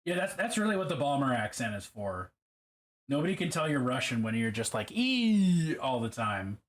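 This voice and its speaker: A man's voice: mid-range voice, very animated, a little fast, fairly bright tone. A man casually chatting with his live-stream audience while painting miniatures, rambling, swearing and joking about himself. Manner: rambling, self-deprecating, profane.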